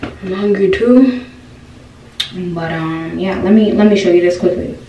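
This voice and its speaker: A woman's voice: fairly low pitch, a little slow, mellow. Chatty young woman, roomy distant sound. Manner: chatty, keeps asking viewers "y'all" questions. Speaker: beauty vlogger. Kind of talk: casual hair tutorial. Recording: roomy, distant with faint noise.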